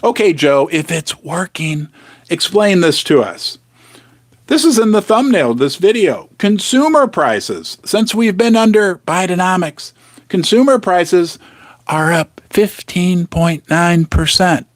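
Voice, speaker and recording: A man hosts a casual live stream, talking in a lively, swooping voice that sits a little high. He is chatty and teasing, and sometimes drops to a whisper for effect. The sound is dry and close, with no room echo. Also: unhurried. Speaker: host of a precious-metals live stream. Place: home basement studio.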